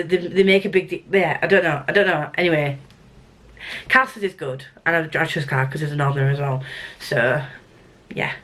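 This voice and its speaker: A woman's voice: fairly low pitch, fairly bright tone. A young woman with a Yorkshire accent talks to camera about what she has been reading. She rambles, doubles back and restarts her sentences, in an easy, casual vlog manner. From Yorkshire, England. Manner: chatty and rambling, with restarts and laughs. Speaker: book vlogger.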